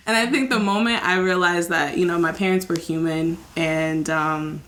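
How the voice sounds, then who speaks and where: A young woman hosting a candid podcast, telling an emotional story and quoting people in lively voices. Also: on the low side, moderate pace, hardly any pauses, a little hiss or hum. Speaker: podcast host.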